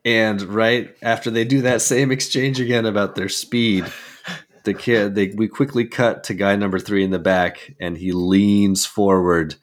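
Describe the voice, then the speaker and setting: A man hosting a casual movie podcast, relaxed, retelling scenes and quoting lines. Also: lowish voice, a little slow. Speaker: podcast host.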